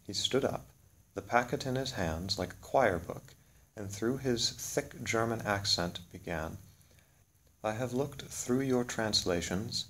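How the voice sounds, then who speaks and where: Low-voiced man reading a solemn story. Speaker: narrator. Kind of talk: scripted literary narration.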